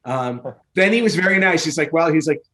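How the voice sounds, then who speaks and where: A man co-hosting a casual podcast chat, telling an animated story and acting out both sides of his phone calls. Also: a little high, brisk. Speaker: podcast co-host.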